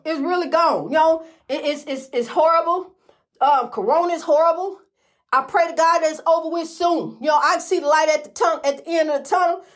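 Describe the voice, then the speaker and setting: A woman's voice: very high voice, fairly bright tone. A woman with talking in a casual, emphatic monologue, repeating phrases and calling listeners honey. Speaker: host of a faith-based movement channel.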